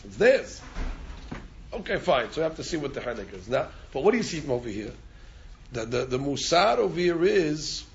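A man's voice: fairly high pitch, highs cut off. A man teaching an informal Torah class, repeating words as he restarts and chanting Hebrew verses.

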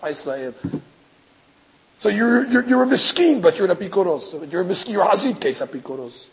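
Husky high-voiced man lecturing emphatically. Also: animated, brisk, poor audio. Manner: emphatic, rhetorical, acts out voices, stammering restarts. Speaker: rabbi teaching a class. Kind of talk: religious lecture.

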